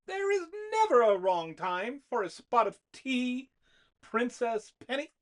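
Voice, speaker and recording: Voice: mid-range voice, big pitch swings, slow, pitched above the performer's own voice. A narrator voicing Miss Higgins, a gracious elderly woman with old-fashioned courtesy.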